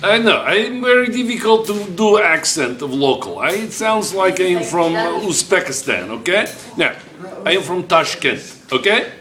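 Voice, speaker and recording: A man's voice: high-pitched, lively intonation, normal speed, music in the background. A man putting on a mock foreign accent with broken English, voicing a student.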